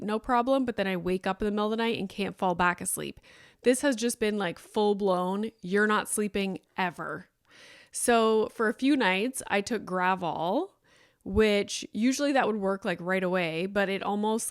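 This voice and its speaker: A woman's voice: medium pitch, no room sound, studio quality. A woman in her thirties hosting a podcast, telling a rambling personal story in casual chat with lots of "like". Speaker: podcast host.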